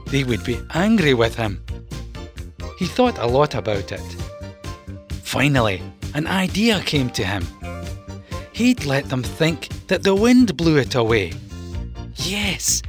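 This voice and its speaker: A storyteller reading a children's storybook aloud in a slow, expressive way. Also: mid-range voice.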